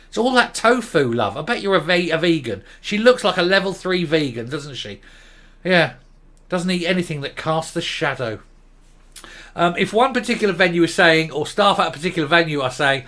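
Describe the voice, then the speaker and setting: A man delivers a scornful, emphatic rant as a commentary host. His voice sits a little high and sounds bright and forceful, and he hammers his points home with mocking scorn. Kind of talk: opinionated commentary monologue.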